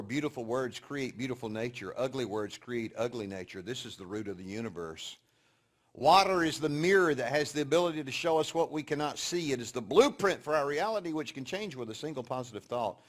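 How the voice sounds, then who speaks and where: A man giving a sermon-style teaching to an audience, telling stories and moving between quiet, hushed passages and loud, emphatic points. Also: medium pitch, brisk. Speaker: speaker teaching a session.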